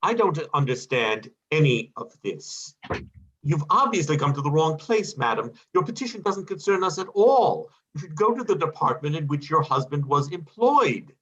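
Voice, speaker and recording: Man doing a stammering bank chairman, husky voice, flustered and pompous, play reading. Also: a little high, big pitch swings, normal speed, fairly bright tone, muffled recording, full character voice.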